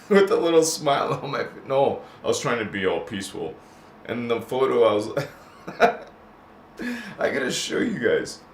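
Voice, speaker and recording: A man's voice: mid-range voice, animated, moderate pace, pauses often, slight background noise. A middle-aged man hosting a live stream, reading viewer comments aloud and drifting into tangents with frequent laughs. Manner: rambling, goes off on tangents, laughs often. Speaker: channel host. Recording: roomy echo.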